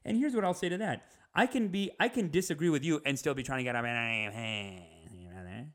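A young man riffing in a comedic rant, animated, slipping into higher mocking impressions. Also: a little fast.

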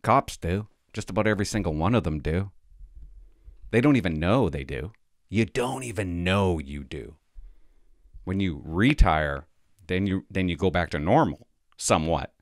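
A middle-aged man, telling jokey stories in a low voice that swings widely up and down. He rambles and pokes fun at himself like a vlogger chatting to his viewers. The sound is dry and close, with no room echo. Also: lively intonation, moderate pace. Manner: joking, self-mocking, rambling. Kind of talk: rambling comic storytelling to camera.

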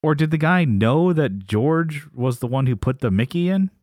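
His voice sits on the high side and moves at a normal speed, in a studio-quality recording with no room sound. As a co-host on a casual podcast, he animatedly recaps a sitcom episode, performing the characters' lines with laughter.

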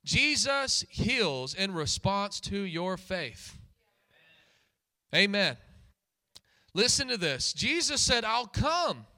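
A man preaching a sermon in a high, bright, forward voice. He drives his points home by repeating key lines and firing questions at the congregation. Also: sing-song, slow pace, pauses often.

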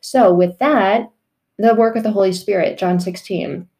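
A woman's voice: medium pitch, measured pace, a little mellow. A woman hosting a faith podcast, talking casually and bluntly, swearing freely and laughing often. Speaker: podcast host.

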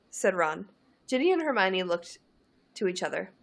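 A woman hosting a comedic reading of fan fiction, narrating and breaking in with animated, laughing asides. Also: medium pitch, moderate pace, vocal fry.

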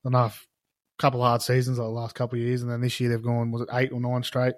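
A man's voice: medium pitch, completely flat delivery, fast talker, dry recording, studio quality. A young Australian man, a podcast guest, telling crude jokes and chatting in a rambling, casual way. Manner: rambling storyteller, crude, laughs through jokes. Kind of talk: casual banter.

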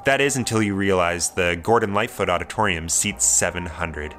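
A young man tells his own story in a wry, measured voice that is low and bright-edged. Faint music runs underneath. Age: young adult. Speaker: narrator. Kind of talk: reflective personal narration.

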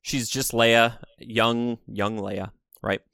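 A man's voice: medium pitch, flat delivery, slow pace, vocal fry, bright, forceful tone, dry recording, studio quality. A man co-hosting a podcast in casual chat, rambling and acting out little quotes in funny voices. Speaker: podcast co-host.

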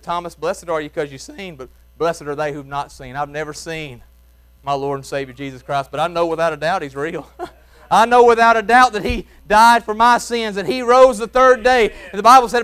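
In a church, a Mississippi-accented man preaches a revival sermon in folksy Southern grammar, shouting some phrases and dropping to soft hushes on others while chuckling along. His voice is high, clear, and resonant.

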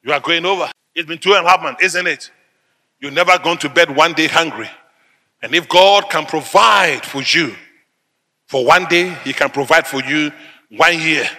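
A middle-aged man from Africa, preaching a sermon in emphatic, repeated declarations that burst into loud peaks. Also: on the high side, moderate pace, in a large hall.

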